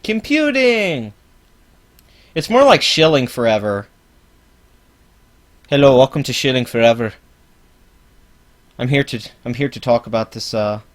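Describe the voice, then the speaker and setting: A man hosting a live-stream reaction, ranting sarcastically with heavy swearing. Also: mid-range voice. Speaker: channel host.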